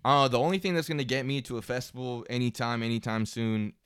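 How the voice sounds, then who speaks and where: A man co-hosts a podcast in loose, profane banter. His voice is smooth and clear, recorded dry and close. He tells stories with energy and slips into voices to mimic people. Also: mid-range voice, steady tone, fast talker, fairly bright tone, no echo. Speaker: podcast co-host. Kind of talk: casual chat.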